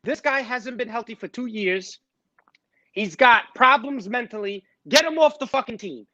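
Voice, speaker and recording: A man's voice: very high voice, moderate pace, bright, forceful tone, no room sound, dull audio. A man co-hosting a sports podcast, blunt and dismissive, swearing as he sizes up players. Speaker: podcast co-host. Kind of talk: casual sports chat.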